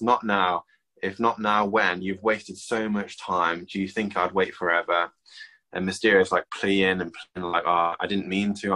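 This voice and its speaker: A man's voice: deep voice, rough recording. A man casually walking through a comic book plot on a podcast, with frequent ums and read-out lines. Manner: relaxed, summarizing with filler ums.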